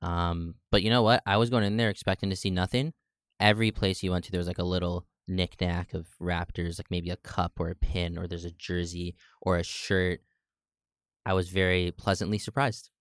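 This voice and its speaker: Deep-voiced chatty Canadian podcast co-host. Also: male voice, flat delivery, moderate pace, clean tone, no room sound, studio quality. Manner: chatty, enthusiastic storytelling. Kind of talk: casual sports podcast chat.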